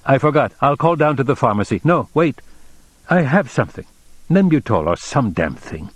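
A man's voice: medium pitch, big pitch swings, normal speed, husky, dry recording, pitched above the performer's own voice. A man reading an audiobook voices a tense, desperate man who speaks urgently and pleadingly.

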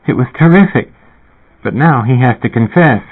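A man reading an audiobook, voicing a giddy, mischievous young woman with a husky, raised voice, on a tinny, phone-like recording. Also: medium pitch, lively intonation, moderate pace. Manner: giggly, conspiratorial, gushing.

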